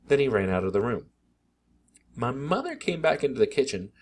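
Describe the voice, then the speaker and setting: A man reading a children's book aloud in an expressive, animated narration. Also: medium pitch, normal speed, slight background noise.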